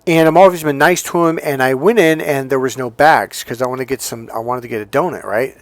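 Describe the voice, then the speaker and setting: A middle-aged man giving an emphatic, profane motivational talk as a relationship coach. He swings between loud commands and quiet asides. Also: medium pitch, fairly quick, dry recording.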